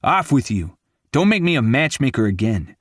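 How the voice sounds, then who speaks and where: A man's voice: mid-range voice, very animated, moderate pace, dry recording, studio quality, voice pushed up. A man doing a blunt, scolding best friend. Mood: gruff.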